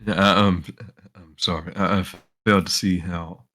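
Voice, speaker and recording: A man's voice: low-pitched, steady tone, moderate pace, sharp tone. A man speaking in character as a player in a tabletop game, polite but hesitant and flustered. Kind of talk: in-character roleplay.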